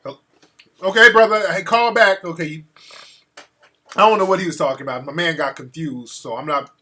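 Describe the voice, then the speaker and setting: A man hosting a live stream, talking casually in relaxed street slang as he hurries the show along. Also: fairly high pitch, brisk.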